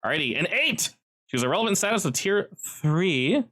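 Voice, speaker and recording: Acting as game master, a man narrates a tabletop role-playing session, patiently explaining the rules and laughing often. He's very animated, with a sharp tone, a moderate pace, and a pitch that swings widely.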